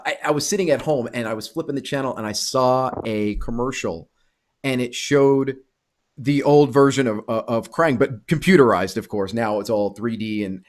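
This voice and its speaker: A man in his forties hosting a podcast interview, asking questions in an easy, fan-like way. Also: mid-range voice. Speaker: podcast host.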